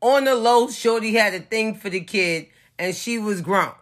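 A woman's voice: mid-range voice, moderate pace. A woman giving casual pop-culture commentary in a blunt, profane, opinionated way, with sarcastic asides.

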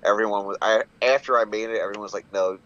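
A man's voice: lowish voice, steady tone, rapid-fire, fairly bright tone, highs cut off. A man chatting casually on a podcast, swearing freely and laughing often. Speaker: wrestler guest.

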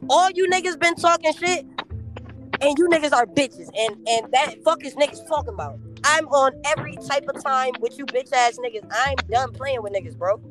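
A woman's voice: high-pitched, normal speed, a bit bright, faint music behind. A woman on a podcast, ranting in a brash, profane, confrontational way. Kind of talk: heated casual podcast talk.

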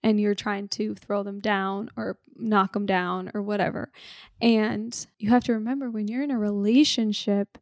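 A woman co-hosting a casual relationship talk, calm and earnest as she makes her points. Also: mid-range voice, moderate pace, no echo, studio quality. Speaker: podcast co-host.

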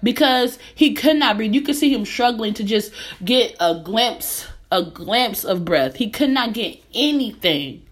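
A woman's voice: a little high, lively intonation, unhurried, few pauses, breathy edge. A young American woman hosting her own podcast, speaking with earnest emphasis and repeating phrases to drive her points home. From United States. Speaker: podcast host. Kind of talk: impassioned personal commentary.

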